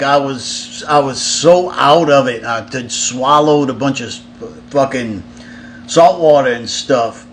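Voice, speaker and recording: A man's voice: medium pitch, slight background noise. A man, a touring musician, casually telling a story in a loose, profane way, with lots of fillers and restarts.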